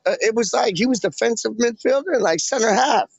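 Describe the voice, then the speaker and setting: Man, high voice, excitable, slangy, catchphrase-heavy, casual livestream chat, dry close sound. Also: brisk, dry recording, highs cut off. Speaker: livestream host.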